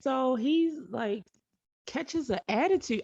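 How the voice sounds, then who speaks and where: A woman whose voice is on the low side speaks a little slowly with a darkish tone. She's a storytelling vlogger rambling through a personal tale, self-correcting and adding emphatic asides, captured in a dull, dry lo-fi recording.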